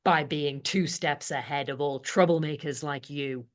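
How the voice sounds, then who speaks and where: A woman's voice: low voice, steady tone, measured pace. A woman playing a strict, smug female deck sergeant in an audio comedy, commanding and officious. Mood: bossy.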